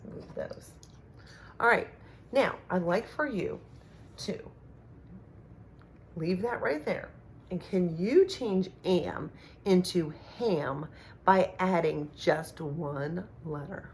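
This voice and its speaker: A middle-aged woman teaching a remote phonics lesson to young children, speaking slowly and clearly with encouraging sound-outs. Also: on the low side, a little hiss or hum. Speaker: kindergarten teacher.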